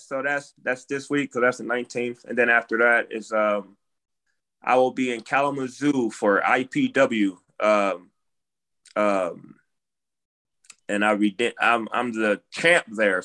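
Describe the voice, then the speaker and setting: A man from Michigan, a pro wrestler guest on a podcast, with a bright, forward voice. He tells stories in a loose, relaxed way and laughs easily. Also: mid-range voice, measured pace. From Michigan, USA. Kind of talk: casual interview chat.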